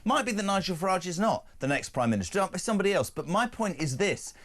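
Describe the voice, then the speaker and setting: A man's voice: high voice, sing-song, fast, a bit bright. A middle-aged British man co-hosting an opinion talk show, talking bluntly and with emphasis. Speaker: co-host. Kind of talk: opinionated casual chat. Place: TV studio.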